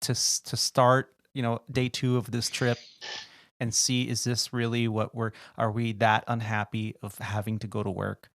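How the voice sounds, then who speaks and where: A man, a podcast host, telling animated work stories in casual chat and acting out the people in them. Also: mid-range voice, moderate pace, dry recording, clean studio sound. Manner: animated, acts out quoted people in his stories. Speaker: podcast host and flight attendant.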